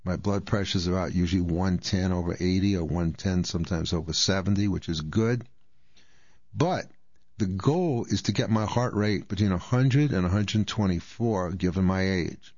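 A man's voice: sits low, moderate pace, a little mellow, no room sound, dull audio. A man in his sixties hosting a radio talk, explaining things step by step in a chatty way. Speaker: radio host. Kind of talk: casual health talk.

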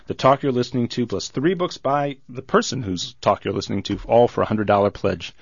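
A male radio host running a pledge drive, slowly repeating the station's call-in number. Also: mid-range voice, vocal fry, husky, no room sound. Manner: slow, repeats the phone number. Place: radio studio. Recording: dull lo-fi radio broadcast, dry.

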